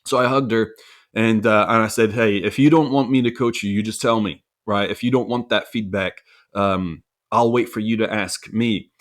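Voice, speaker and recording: A man's voice: lowish voice, steady tone, fairly quick. Earnest man telling a family story. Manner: reflective, earnest, with frequent restarts. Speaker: podcast co-host. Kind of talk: casual conversational storytelling.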